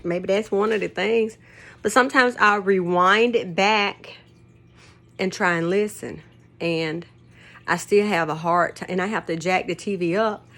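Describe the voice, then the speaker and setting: A woman's voice: mid-range voice, measured pace, a bit bright. Older lady rambling on in her kitchen, laughs a bunch, folksy way of talking. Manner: rambling, laughs often, folksy Southern turns of phrase. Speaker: vlogger. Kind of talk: casual storytelling to camera. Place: home kitchen.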